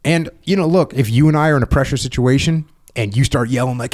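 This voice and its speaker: A middle-aged man with a mid-range, darkish voice talks fast as he hosts a podcast. His casual storytelling includes emphatic impressions of the voices he quotes.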